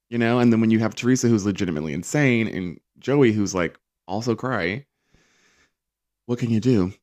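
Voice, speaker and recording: A man's voice: mid-range voice, expressive, fairly quick, darkish tone. A man hosting a casual reality TV recap, chatty and sarcastic, acting out quotes in mocking voices.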